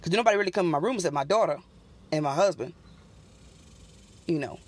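A woman's voice: on the low side, lively intonation, fast talker, husky. Folksy woman telling a spooky story. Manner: folksy, talks straight to listeners as "y'all". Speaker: podcast storyteller. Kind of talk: casual spoken ghost story.

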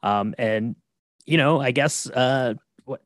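A man co-hosting a podcast, recapping a film in a relaxed, halting way with many fillers. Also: medium pitch, no echo, studio quality. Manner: laid-back, halting, lots of uh and you know. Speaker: podcast co-host. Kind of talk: casual movie recap chat.

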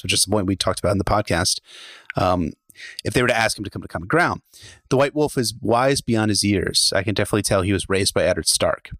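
A man's voice: on the low side, fairly bright tone, no echo. A man co-hosting a casual podcast, reading listener messages aloud and laughing along. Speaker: podcast co-host.

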